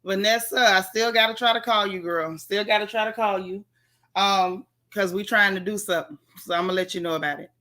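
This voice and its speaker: A woman's voice: medium pitch, steady tone, brisk, sharp tone. Tired, chatty woman live-stream host. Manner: chatty, greets viewers by name with folksy slang. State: tired, yawning. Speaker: livestream host. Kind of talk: casual live-stream chat.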